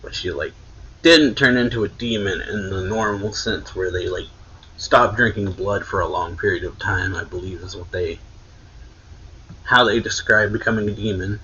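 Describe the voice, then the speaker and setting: A man's voice: fairly low pitch, normal speed, bright, forceful tone, breathy edge. A man casually recapping a manga chapter, rambling with many fillers, on dull lo-fi audio. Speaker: manga reviewer.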